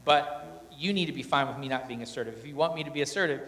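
A man's voice: medium pitch, quick pace, a bit bright. A man speaking candidly to an audience about his marriage, often acting out his own and his wife's words. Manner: candid, self-deprecating, quotes himself and his wife. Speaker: husband on stage in a couples talk. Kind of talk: storytelling talk to an audience. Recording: echoey hall reverb.

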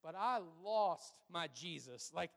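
A man, a pastor, answering questions in a sermon, talking conversationally and telling stories with an animated delivery and frequent fillers. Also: on the high side, slow pace, vocal fry, in a large hall.

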